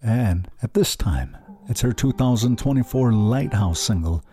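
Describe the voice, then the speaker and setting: A man's voice: medium pitch, lively intonation, measured pace, mellow. A man hosting a music radio show, chatting casually between songs with light self-deprecating asides, on a close studio microphone. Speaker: radio host.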